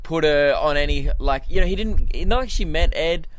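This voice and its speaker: A man's voice: fairly high pitch, moderate pace, no room sound. A man hosting a casual comedy podcast, ranting and teasing in a jokey way. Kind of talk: casual chat.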